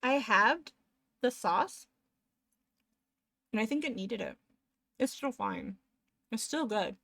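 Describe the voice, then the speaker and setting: A woman's voice: fairly high pitch, lively intonation, slow, a bit bright, dry recording. A young woman streamer chatting casually with viewers in a rambling way, eating between sentences, close to a desk microphone. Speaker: live streamer.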